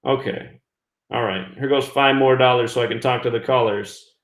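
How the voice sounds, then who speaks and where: A man's voice: mid-range voice, steady tone, moderate pace. A man hosting a call-in internet radio show, talking casually and chattily to listeners and callers. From US West Coast. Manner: chatty, talks through technical trouble aloud. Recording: echoey room.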